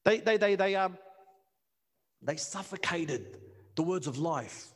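A man preaching a passionate sermon, repeating words and building to near-shouts. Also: high voice, expressive, slow pace. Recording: long reverb of a hall.

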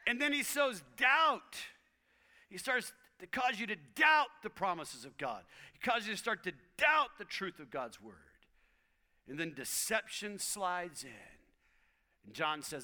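A middle-aged man preaching a sermon, emphatic, repeating phrases and swinging from loud to whispers. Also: sits high, big pitch swings, measured pace.

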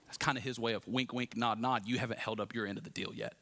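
A man preaching a sermon in a lively, conversational way with asides to the congregation. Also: medium pitch, fast. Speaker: pastor.

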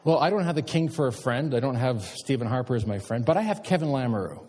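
A middle-aged man, a pastor preaching a sermon and telling stories with animated emphasis. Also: mid-range voice, quick pace, slight background noise. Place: church sanctuary. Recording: long church hall reverb.

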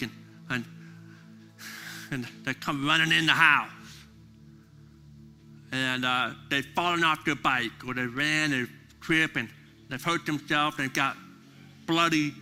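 A middle-aged male pastor preaching a sermon, impassioned at times and soft and prayerful at others. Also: medium pitch, fairly even intonation, a little slow, pauses often, faint music behind.

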